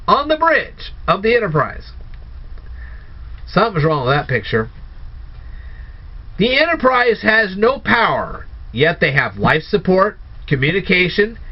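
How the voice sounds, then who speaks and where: Guy ranting through a movie review, lots of "really?", sarcastic, swoopy high voice, lo-fi sound. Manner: incredulous, rhetorical questioning, sarcastic. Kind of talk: casual spoken review. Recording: dull lo-fi recording.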